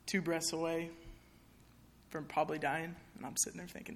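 A woman's voice: sits low, level tone, normal speed, gravelly, slight background noise. A young woman speaking candidly to an audience in a chapel, sharing a personal testimony in a conversational way with many fillers.

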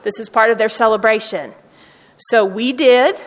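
A woman's voice: fairly high pitch, normal speed. A woman speaking earnestly to students, telling personal stories from her university work. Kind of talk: storytelling talk to students. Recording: long hall reverb.

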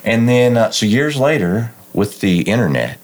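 A middle-aged man from West Texas, a college alumnus and amateur hypnotist, telling stories in a low, smooth radio-like voice with halting restarts. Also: very animated. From West Texas, United States. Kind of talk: casual interview chat.

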